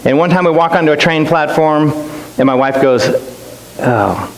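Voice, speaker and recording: A middle-aged man talks to a congregation in a chatty, self-deprecating storytelling manner, often restarting his sentences. His voice sits a little high for a man. The sound is roomy with a faint hiss behind it. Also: steady tone, brisk. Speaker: guest missionary speaker. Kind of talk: storytelling church talk. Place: church. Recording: echoey church hall with faint hiss.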